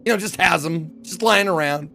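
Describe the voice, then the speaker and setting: A man's voice: fairly high pitch, moderate pace, pushed and bright, slight background noise. A man giving casual, joking commentary while playing a game, chatting and laughing often. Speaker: let's play gamer.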